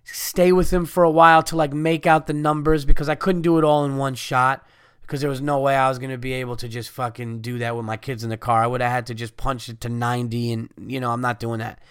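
Profane ranting man, smooth voice. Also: medium pitch, flat delivery, quick pace, no room sound, clean studio sound. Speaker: podcast host. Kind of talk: angry storytelling rant.

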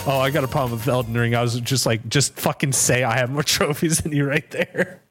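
A man co-hosting a podcast who rambles through casual chat, swearing and reacting quickly. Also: mid-range voice, fairly even intonation, music in the background. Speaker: podcast co-host.

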